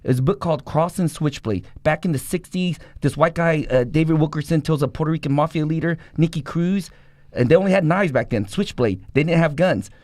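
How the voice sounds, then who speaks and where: A man rattles off his life story at a quick clip, blunt and profane. His voice sits a little high for a man. The sound is close and dry, with no room around it. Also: darkish tone, no room sound. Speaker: guest, former gang member. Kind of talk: personal testimony in conversation.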